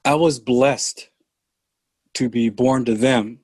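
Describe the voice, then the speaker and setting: Slow, deliberate older man. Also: mid-range voice, fairly even intonation, a little mellow, slightly rough, no room sound. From San Francisco, California. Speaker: podcast guest. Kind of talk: reflective podcast conversation.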